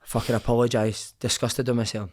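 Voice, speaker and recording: A middle-aged man, a former footballer, telling a story as a guest on a casual podcast. He swears freely and tells it with lively energy. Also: medium pitch, brisk. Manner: swears often, animated storytelling.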